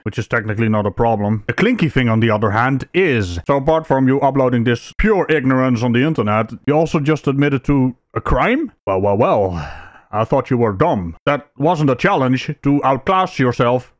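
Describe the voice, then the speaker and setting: A man's voice: medium pitch, expressive, normal speed, dry recording. A man with a Dutch accent narrates a video commentary in a sarcastic, mocking tone. His voice sits in the middle range and sounds dry and close to the mic, with no room around it.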